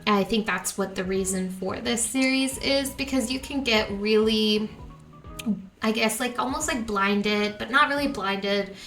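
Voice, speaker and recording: A woman's voice: mid-range voice, measured pace, fairly bright tone, soft background music. Young woman emotionally reacting to a video. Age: young adult. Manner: emotional, rambling, stumbles over words. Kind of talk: casual reaction commentary.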